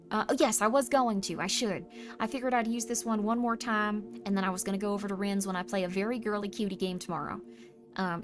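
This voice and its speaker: A woman streamer chatting casually with her audience in a rambling, playful, self-deprecating way. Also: mid-range voice. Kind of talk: casual livestream chat, reading chat messages. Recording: stream mix with music playing under the voice. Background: background music.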